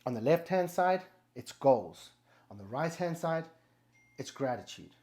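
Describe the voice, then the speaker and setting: A man's voice: a little high, very animated, unhurried, a little mellow. A man hosting a motivational talk, speaking bluntly and emphatically with heavy swearing. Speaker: motivational podcast host. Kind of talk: motivational monologue.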